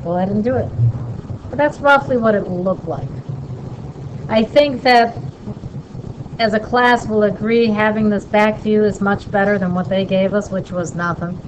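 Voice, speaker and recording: Woman instructor, casual lesson, chatty, quick check-in questions, noisy background. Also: mid-range voice, fairly even intonation. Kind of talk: casual screen-recorded lesson.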